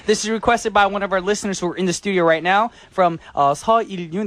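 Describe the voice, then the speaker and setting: A man's voice: sits high, fast talker, fairly bright tone, dry recording. A man hosting a radio show, bubbly and joking, laughing often. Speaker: radio DJ host. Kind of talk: casual radio chat. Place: radio studio.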